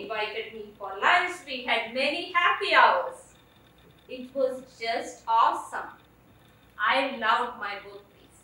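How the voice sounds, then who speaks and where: A woman with a high, bright voice telling her own story on stage, earnest and deliberate. The sound is very echoey and comes from well back off the mic. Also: far from the mic. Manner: earnest, emotional, deliberate phrasing. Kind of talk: personal storytelling performance.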